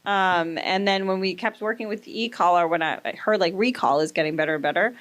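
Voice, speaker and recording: A woman's voice: lowish voice, fairly quick, a bit bright. A woman in her thirties hosting a podcast, chatting casually and telling profane stories, often acting out the quoted lines. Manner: loose, profane storytelling with acted-out quotes. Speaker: podcast host. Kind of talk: casual chat.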